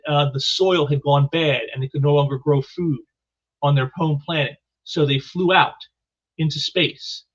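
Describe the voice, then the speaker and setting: A man reviewing a comic book in casual commentary, halting and often repeating words, on a dull lo-fi recording. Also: a little high.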